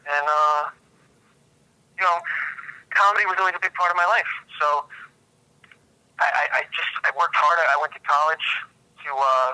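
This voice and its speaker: Bright deadpan man spinning absurd jokes. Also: fairly high pitch, moderate pace, long pauses, smooth, no room sound, rough recording. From United States, Pacific Northwest. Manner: deadpan, absurd joking with hesitant restarts. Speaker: podcast guest. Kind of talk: comedic podcast interview.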